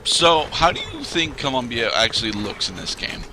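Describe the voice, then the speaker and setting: A man's voice: medium pitch, huge pitch swings, normal speed, background noise. Dry, teasing male co-commentator. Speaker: let's play co-host. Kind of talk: casual gameplay commentary.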